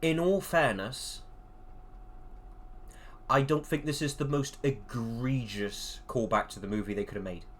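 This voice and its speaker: A man's voice: medium pitch, measured pace, pauses often. Rambling English man judging online. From England. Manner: rambling and jokey, frequent laughs. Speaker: contest judge. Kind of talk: casual chat on a call. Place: online voice call.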